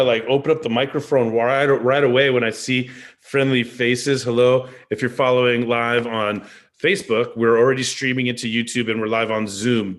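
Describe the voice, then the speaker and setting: A middle-aged man hosting a casual live stream over a video call from a rented house, chatty and digressive in an upbeat way. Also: mid-range voice. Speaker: host. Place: rented four-story house.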